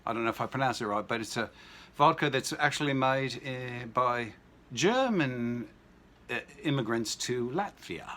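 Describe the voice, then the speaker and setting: An older man in his sixties talks his way through making a drink at home, with a bright, sharp edge to his mid-range voice. He rambles, drifts into stories and tosses off wry jokes as he goes. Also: medium pitch, expressive, moderate pace. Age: 60s. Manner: rambling, jokey asides and anecdotes. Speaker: home cooking vlogger. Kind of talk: casual kitchen demo chat.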